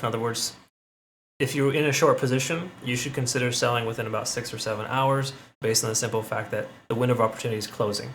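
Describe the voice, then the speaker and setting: Fast-talking man explaining crypto charts. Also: mid-range voice, a bit bright, slight background noise. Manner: chatty, hedging, checks in with "okay?" and "right?". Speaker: crypto analysis channel host. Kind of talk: casual chart analysis talk.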